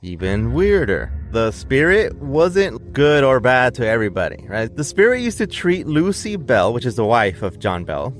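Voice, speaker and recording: A man's voice: medium pitch, very animated, moderate pace, hardly any pauses. A man co-hosting a podcast, casually retelling a ghost legend and peppering it with "right?" asides. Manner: tells the story with frequent "right?" and "like" asides. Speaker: podcast co-host telling the story. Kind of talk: casual storytelling chat.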